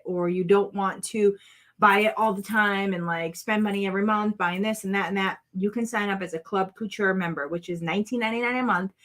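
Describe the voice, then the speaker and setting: Woman crafting vlog host, 30s-40s, chatty and meandering, teasing with chat. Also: medium pitch. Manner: chatty, rambling, playful with viewers. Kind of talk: casual livestream chat.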